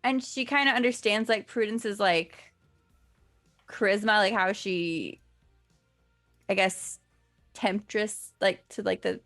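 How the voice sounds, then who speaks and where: A woman's voice: medium pitch, slow, long pauses, a bit bright, dry recording, soft background music. A woman player in a tabletop game, chatty and filler-heavy. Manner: chatty, lots of "like". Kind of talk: tabletop role-play.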